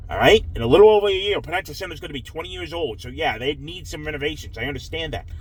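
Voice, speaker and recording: A man's voice: a little high, expressive, very fast, husky, low-quality recording. A man ranting after a hockey loss, swearing and sounding frustrated and dejected. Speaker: hockey fan vlogger. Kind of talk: angry post-game rant.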